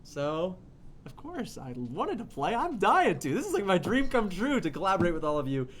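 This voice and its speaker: A man's voice: high voice, huge pitch swings, normal speed, fairly bright tone. A young man in his twenties hosting a virtual open mic over a video call, gushing and giggling often. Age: 20s. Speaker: host. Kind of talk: casual show hosting.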